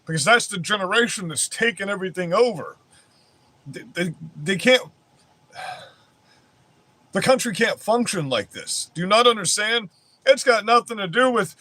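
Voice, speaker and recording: A man's voice: high voice, very animated, normal speed, a bit bright, dry recording. A man ranting on his vlog in a heated, rambling way, swearing constantly. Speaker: vlogger. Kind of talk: profane political rant.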